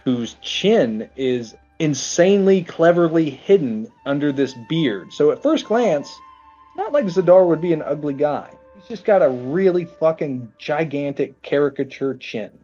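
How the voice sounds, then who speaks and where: A man's voice: a little high, expressive, measured pace, dark tone, faint music behind. A man co-hosting a casual movie podcast, riffing sarcastically and now and then jumping into over-the-top quoted voices. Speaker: podcast co-host. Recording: slightly dull, lo-fi audio.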